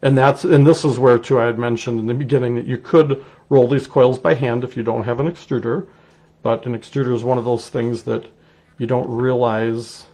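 A middle-aged man with a Wisconsin accent walks through a clay project step by step. His voice has a gravelly edge, and he talks in a relaxed, chatty way as he works. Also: medium pitch. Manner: relaxed, chatty, explains while working. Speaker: clay artist teaching a technique. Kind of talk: casual live demonstration.

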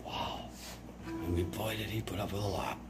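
A man's voice: low voice, steady tone, moderate pace, loud music behind the voice. A man rambling in a casual monologue as a self-styled father of all creation, erratic and profane with sudden outbursts.

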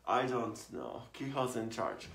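A woman's voice: rumbling low, sing-song, measured pace, a little hiss or hum, pitched below the performer's own voice, full character voice. A woman putting on a theatrical foreign hostess who drawls and calls everyone darling, in an echoey home room. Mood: wistful. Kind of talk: home comedy show hosting.

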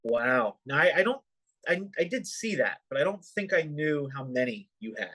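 A man's voice: on the high side, sing-song, normal speed, sharp tone. A man hosting a podcast, asking wry, teasing questions in a casual chat.

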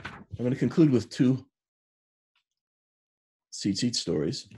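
A man in his sixties, a rabbi, giving a sermon and telling stories in an unhurried way, with Hebrew terms mixed in. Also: mid-range voice, expressive, warm tone, breathy edge.

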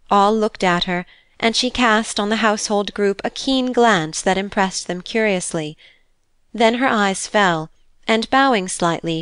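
A woman narrating a classic novel as an audiobook in a measured, expressive reading. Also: medium pitch, clean tone, dry recording. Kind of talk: scripted narration.

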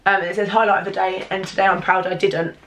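A woman's voice: mid-range voice, quick pace, a little hiss or hum. Gushing congested British woman. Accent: British English. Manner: gushing, excitable, swears freely. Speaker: YouTuber. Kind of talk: casual unboxing vlog.

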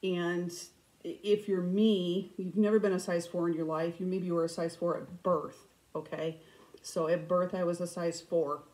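A middle-aged woman hosting a cross-stitch vlog, chatting casually and telling stories with animated, self-mocking humor. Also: lowish voice, normal speed, low-quality recording. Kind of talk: casual storytelling chat.

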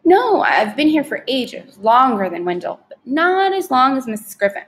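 A woman's voice: high voice, sing-song, normal speed, slight background noise, pitched above the performer's own voice. A woman voicing a casual, knowing young girl in a storybook reading.

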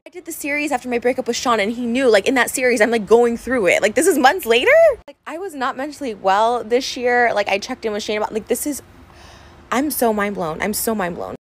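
A woman's voice: on the high side, expressive, brisk, poor audio. A woman in her thirties venting in a personal vlog, rambling and upset, full of fillers and restarts, tearful at times, recorded on a phone camera. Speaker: vlogger. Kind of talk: emotional personal vlog rant.

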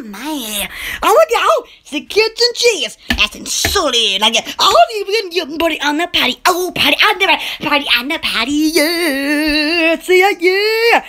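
Woman livestream host, very high and bright-toned, giggly, rambling chatter to viewers at home. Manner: giggly, rambling, exclamatory, blows kisses to viewers. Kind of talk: casual live-stream chat.

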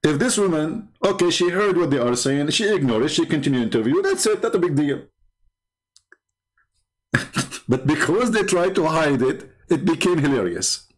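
A man's voice: on the high side, sing-song, moderate pace. A man hosting a show, giving mocking commentary with lots of laughter and repetition. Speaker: host.

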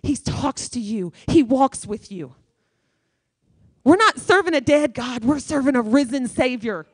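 Emphatic woman preaching, fairly high voice. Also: expressive, unhurried, breathy edge, no room sound, clean studio sound. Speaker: guest speaker. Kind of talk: sermon. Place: church.

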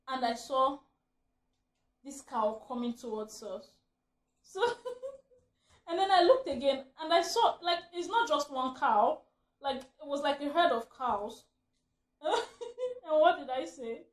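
A woman vlogger telling a funny story in casual chat, animated and laughing often as she acts out what she shouted. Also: high voice, slow pace, long pauses. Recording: roomy echo.

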